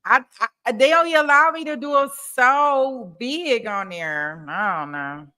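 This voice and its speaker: Woman streamer, playful and chatty, higher bright voice, casual live chat at her desk. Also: lively intonation, a little slow. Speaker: livestream host. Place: home desk.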